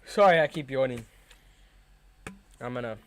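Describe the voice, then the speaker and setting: A young man hosting a live football watchalong, reacting to the match with chatty, excitable fan commentary. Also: mid-range voice, normal speed.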